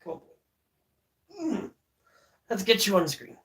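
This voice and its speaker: This is a man chatting on his live stream, talking at a slow, easy pace. He teases and roasts his viewers as he reads their messages, often stalling on fillers and starting over mid-sentence. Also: high voice, animated, fairly bright tone. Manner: joking, teasing, reads chat aloud; many fillers and restarts. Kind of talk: casual live-stream chat.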